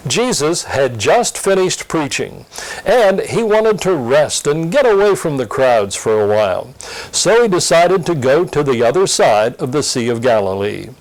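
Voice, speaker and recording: A man presenting a scripted Sunday school lesson preview in an earnest, expressive teaching tone. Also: a little high, unhurried, low-quality recording. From Pennsylvania.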